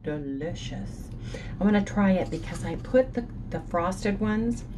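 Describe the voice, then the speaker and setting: A woman's voice: mid-range voice, lively intonation, unhurried, noisy background. A middle-aged woman chatting casually to her viewers in a vlog while she eats and goes for walks. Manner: chatty, addresses viewers as you guys; talking while chewing and walking outdoors. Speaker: vlogger.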